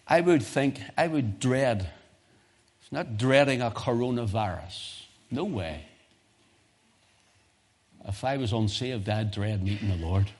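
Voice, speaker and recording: With a breathy edge to his voice, a British-accented man preaches, shifting from quiet, low contemplation to high, loud exhortation.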